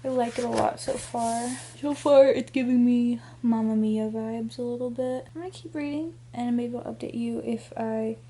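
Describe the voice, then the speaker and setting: Young female book vlogger, tired, chatty, hushed at times; mellow tone, faint room hiss. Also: on the high side, creaky. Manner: chatty, giggly, often drops to a hushed near-whisper. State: tired and sleepy late at night. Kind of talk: casual chat to camera. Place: home at night with family nearby.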